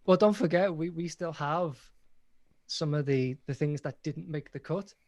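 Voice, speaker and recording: A man's voice: on the high side, normal speed, darkish tone, highs cut off. A man in a band chatting casually on a group call, easygoing and laughing along with the others. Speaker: band member. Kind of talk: casual chat.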